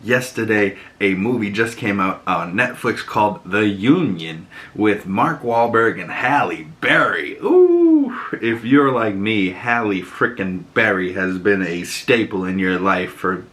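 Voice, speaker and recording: A man's voice: lowish voice, unhurried, hardly any pauses, fairly bright tone. A man, talking through a movie review in a chatty, enthusiastic vlog style, full of "you know" and casual swearing. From Boston. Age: 20s.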